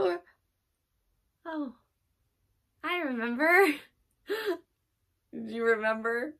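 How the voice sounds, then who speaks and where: A woman's voice: high-pitched, lively intonation, slow pace, pauses often. A woman leading a children's drama play session, acting out a story with big gasps and sighs.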